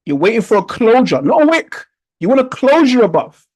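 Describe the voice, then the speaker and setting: A man's voice: very high-pitched, very animated, a little fast, a little mellow, poor audio. A man teaching an online trading lesson over a video call, coaching in a repetitive, coaxing way with rhetorical questions. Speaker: trading instructor.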